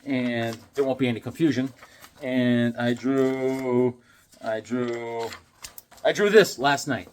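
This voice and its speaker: A man's voice: medium pitch, slow, darkish tone, a little hiss or hum. A man rambling casually while showing his drawings, chuckling and full of fillers and self-talk. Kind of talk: casual rambling show-and-tell.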